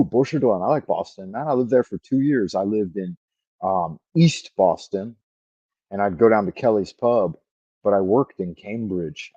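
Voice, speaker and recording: Husky guy doing a rambling swearing livestream, dry dead room, very low voice. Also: a little mellow, no echo. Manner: profane, rambling, joking. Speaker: livestream host. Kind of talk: casual livestream chat. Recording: dull lo-fi microphone sound.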